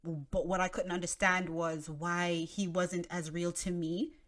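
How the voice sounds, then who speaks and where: Animated woman hosting a faith podcast. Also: on the low side, unhurried. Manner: animated, conversational, acts out quoted voices. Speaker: podcast host. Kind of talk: Christian teaching podcast.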